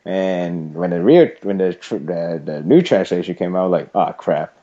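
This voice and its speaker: A man's voice: low voice, animated, normal speed, warm tone. Laughing man on a muffled podcast. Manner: rambling, laughs often. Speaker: podcast co-host. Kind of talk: casual fan podcast chat. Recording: muffled lo-fi voice chat audio.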